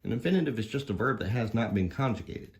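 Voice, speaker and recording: A man's voice: fairly low pitch, lively intonation, fast talker. A man voicing a folksy male dog grammar professor, giving an easygoing puppet-show lesson. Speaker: teacher.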